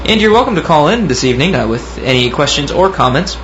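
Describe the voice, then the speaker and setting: A man's voice: a little high, very animated, quick pace. A younger man, co-hosting a radio talk show in a casual, self-joking way. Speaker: co-host. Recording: dull lo-fi radio audio with faint hiss.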